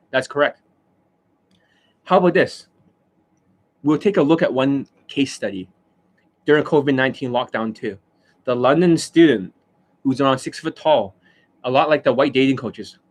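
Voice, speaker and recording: A man's voice: mid-range voice, normal speed, pauses often. Boastful, profane middle-aged man ranting. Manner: boastful, profane, keeps bursting into laughter. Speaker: dating coach. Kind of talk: live-stream rant.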